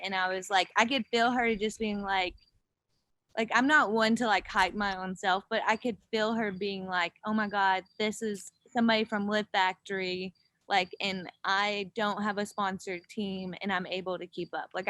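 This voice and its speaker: A young woman, a pro gravel cyclist appearing as a guest, tells race stories in a casual chat with a medium-pitched voice on a dry recording. She's an animated storyteller who acts out quotes and swears freely.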